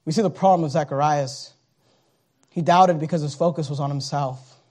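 A man preaching a sermon, acting out the scripture characters and swinging from hushed tones to shouting. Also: fairly high pitch, normal speed. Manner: dramatic, acts out the scripture characters.

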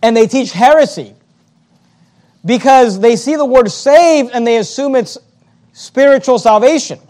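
Preaching a sermon in a very high-pitched voice, a man reads scripture in old-fashioned wording, then explains it plainly and presses his point with emphasis. He is unhurried, with a slightly mellow tone.

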